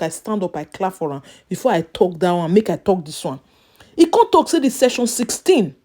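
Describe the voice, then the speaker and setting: A woman from Nigeria talks in Nigerian Pidgin English, fairly high-voiced. She comments on the news with lively exclamations and quotes others in her own voice. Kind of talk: animated commentary vlog.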